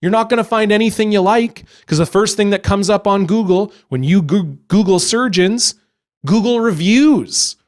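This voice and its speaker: A young man telling a story as a stand-up comedian, animated and acting out other people along the way. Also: sits high, normal speed.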